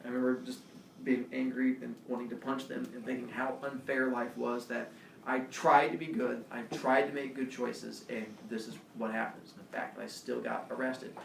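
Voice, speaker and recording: A male teacher tells his class a personal story in a lively, self-deprecating way. His voice has a gravelly edge. It is picked up from a distance in an echoey classroom with faint noise underneath. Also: medium pitch, fairly quick. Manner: animated, self-mocking storyteller.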